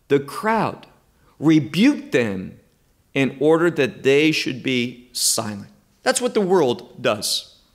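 A man delivers a Bible study sermon, taking his time over each phrase. His slightly high voice rises and falls with real animation as he leans on key words. The delivery is emphatic and deliberate, like a preacher working through a text. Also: fairly bright tone. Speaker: Bible teacher.

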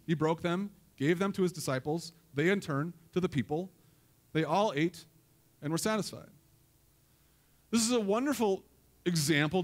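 A pastor giving a conversational, joking sermon to a church congregation, telling stories and putting questions to the listeners. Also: male voice, sits high.

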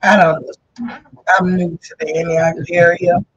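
A man's voice: high voice, level tone, measured pace, a bit bright, slightly rough. A man on a morning radio show, speaking in a mild, wry, self-deprecating way. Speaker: radio co-host. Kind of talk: casual morning radio banter. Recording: slightly muffled studio mic.

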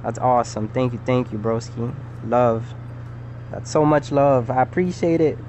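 A male game streamer cheerfully thanking viewers and giving shout-outs. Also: medium pitch, fairly even intonation, unhurried, a little hiss or hum. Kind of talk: live-stream commentary.

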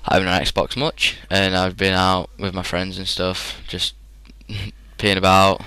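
A man's voice: deep voice, completely flat delivery, unhurried, bright, forceful tone, smooth, dry recording, rough recording. A young man in his teens with a British English accent, chatting rambly and casually as a gaming commentator, full of fillers. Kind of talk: casual storytelling over gameplay.

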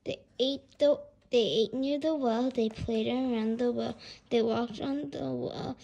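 A woman reads a children's picture book aloud. Her voice sits high and bright, and she lilts expressively through every sentence. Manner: expressive, lilting. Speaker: storyteller. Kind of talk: children's storybook read-aloud.

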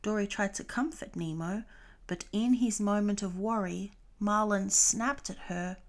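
A woman reading a children's storybook aloud, clear and expressive. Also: medium pitch, measured pace.

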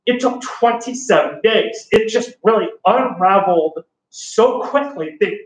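An enthusiastic male history teacher with a fairly high voice talks his class through a lesson in a loose, joking way, with plenty of fillers. He sounds set back from the mic. The room around him is noticeably echoey. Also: expressive, a little slow, recorded from a distance. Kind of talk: casual classroom lecture.

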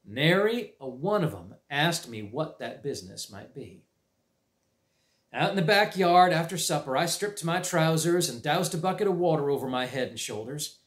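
A man reading a storybook aloud in a folksy drawl, his voice lively and fairly high. The recording sounds roomy and echoey. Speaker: library read-aloud reader. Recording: roomy echo.

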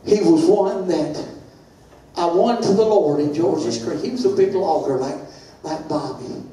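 An older man, a pastor preaching a sermon with impassioned, sing-song delivery that rises into shouts. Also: fairly high pitch, measured pace. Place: church sanctuary. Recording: very echoey church, far from mic, faint hiss.

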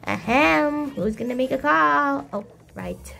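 Young woman, toy role-play, high voice, slow bouncy delivery, soft music behind. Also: lively intonation, vocal fry. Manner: plays every figure herself with shifting pitch. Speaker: toy play video maker.

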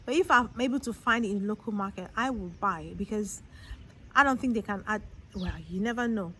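A woman's voice: medium pitch, a little fast, bright, forceful tone. Chatty woman with faint background noise. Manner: chatty, hesitant, many ums and restarts. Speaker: vlogger giving shopping tips. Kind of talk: casual chat to camera.

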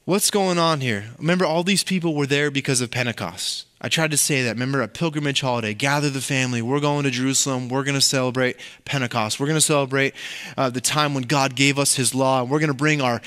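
A man preaching a conversational, animated sermon as pastor of a church, with frequent asides to the congregation. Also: mid-range voice, fast talker.

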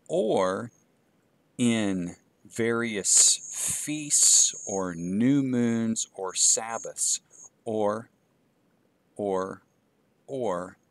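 A man teaching a Greek course in a recorded lecture, measured and halting with fillers, reading Greek aloud and then translating it. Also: fairly low pitch, dry recording. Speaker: Greek instructor.

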